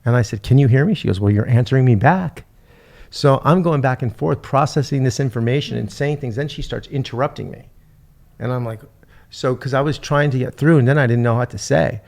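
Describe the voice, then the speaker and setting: Gravelly man, halting storytelling. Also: medium pitch. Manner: halting, repeats words, retells talks with his mother. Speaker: podcast host. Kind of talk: emotional personal storytelling.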